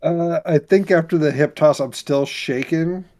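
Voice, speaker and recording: A man's voice: a little high, unhurried, a little mellow. A man playing a tabletop role-playing game, loosely narrating what his wrestler does. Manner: loose, storytelling with "like". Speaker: player.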